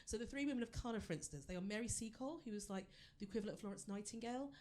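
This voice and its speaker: A woman's voice: a little high, racing, darkish tone. A woman performing a stand-up comedy set on a theatre stage, chatty and self-deprecating as she talks straight to the audience.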